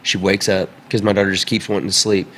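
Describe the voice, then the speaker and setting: A man's voice: deep voice, level tone, quick pace, fairly bright tone, a little hiss or hum. A man in his thirties, a podcast guest, telling a story in casual chat, repeating words as he goes.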